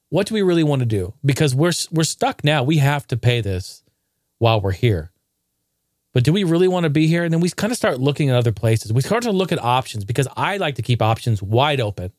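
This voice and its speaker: A man vlogging to camera in casual, profane storytelling, jokey and animated, breaking into outraged bursts. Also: fairly high pitch, no room sound, clean studio sound.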